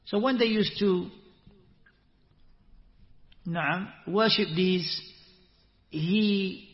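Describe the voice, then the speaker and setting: A man giving an Islamic lesson, explaining verses and reciting Quran passages, animated, with rising rhetorical questions. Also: high-pitched, extremely slow. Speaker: Islamic teacher. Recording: echoey hall, muffled lo-fi sound.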